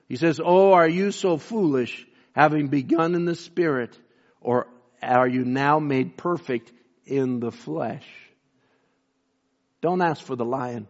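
Fervent preacher man, muffled recording. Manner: rising to fervent emphasis, then dropping low and slow. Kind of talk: sermon.

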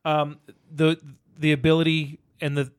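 A middle-aged man co-hosting a podcast, chatting casually about a movie in a rambling, animated way. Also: a little high, a little slow, smooth. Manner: rambling, animated storyteller, acts out quotes. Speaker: podcast co-host.

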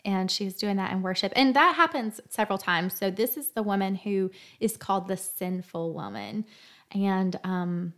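A woman hosting a faith talk, speaking earnestly and emotionally in a gentle storytelling tone. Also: medium pitch, lively intonation, normal speed. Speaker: podcast host.

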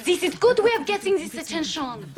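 Earnest French exchange student, high voice, halting English, crowd behind. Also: female voice, sing-song. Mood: coaxing. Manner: broken English, coaxing.

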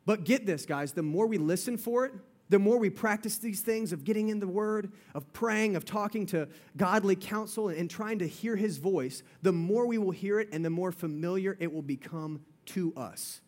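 Young male youth pastor, high voice, casual and playful, repeats lines for emphasis. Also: moderate pace, few pauses, darkish tone. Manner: chatty and playful, often calls out "guys" and repeats himself. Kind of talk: sermon to a live audience.

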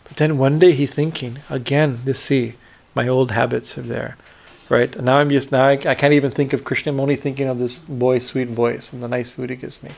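Male swami teacher, gravelly mid-pitched voice, halting storytelling with fillers. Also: level tone. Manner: halting, many fillers and repeated "right?". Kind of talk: spiritual discourse retelling a story.

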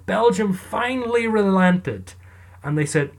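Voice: medium pitch, lively intonation, moderate pace. A storyteller casually telling a true story in a chatty, wry way. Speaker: storyteller narrator.

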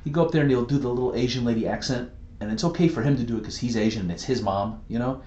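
A man co-hosting a casual podcast chat, rambling and animated, laughing easily as he tells stories. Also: mid-range voice, racing, reverberant, highs cut off, a little hiss or hum. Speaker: podcast co-host.

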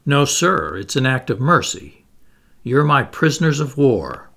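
A man voicing a stern, reclusive submarine captain who speaks in a cold, measured, commanding way. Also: medium pitch, very animated, vocal fry, a bit bright, exaggerated voice.

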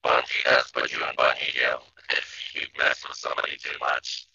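A man voicing a deep, gravelly male robot announcer who gives slow, booming warnings. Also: flat delivery, bright, forceful tone, dry recording, dull audio, heavily acted. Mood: ominous.

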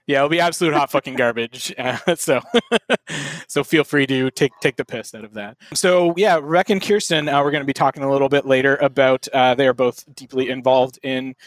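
A young adult man hosting a casual podcast from a hotel room, relaxed and rambling, with plenty of fillers. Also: mid-range voice, brisk, no room sound. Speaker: podcast host.

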